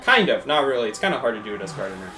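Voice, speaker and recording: A man's voice: medium pitch, sing-song, very fast, music in the background. A young man giving chatty, casual commentary while live-streaming a game and thanking his viewers.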